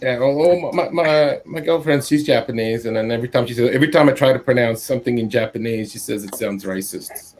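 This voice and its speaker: Halting self-deprecating man. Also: medium pitch, darkish tone, a little hiss or hum. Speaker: comic artist on a live stream. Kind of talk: casual chat.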